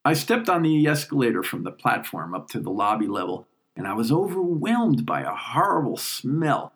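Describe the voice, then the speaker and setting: Speaking in the first person, this New Yorker recounts his story slowly and with feeling, pausing to let moments land. His voice is medium in pitch, with a sing-song quality and a breathy edge.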